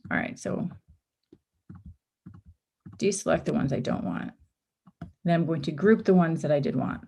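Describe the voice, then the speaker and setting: Female workshop instructor, mellow low voice, slightly strained from losing it, relaxed step-by-step screen-share teaching. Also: normal speed, creaky, slight background noise. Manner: casual, step-by-step, with frequent ums and oopses. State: losing her voice. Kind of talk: live screen-share design tutorial.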